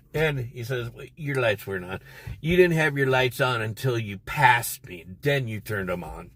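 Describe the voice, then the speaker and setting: A man's voice: mid-range voice, fairly bright tone. A man telling a rambling, profane story on a casual livestream from inside his car. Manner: profane, rambling and irritated, heavy swearing. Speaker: livestream host.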